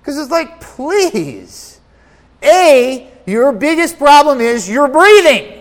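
A man preaching a sermon as pastor, emphatic and animated, slipping into whiny voices to mock self-centered complaints. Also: very high-pitched, takes it slowly, long reverb tail. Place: church.

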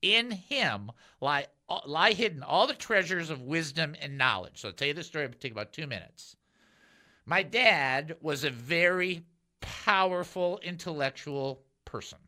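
A man hosting a call-in Christian radio show, chatty and animated, laughing easily as he jumps between topics. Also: on the high side.

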